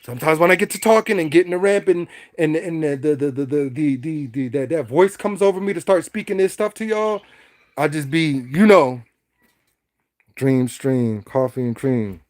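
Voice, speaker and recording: A man's voice: on the high side, a little fast, no echo. A man hosting a casual livestream, talking animatedly and preachily to his chat, often stuttering on repeated words. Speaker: livestream host.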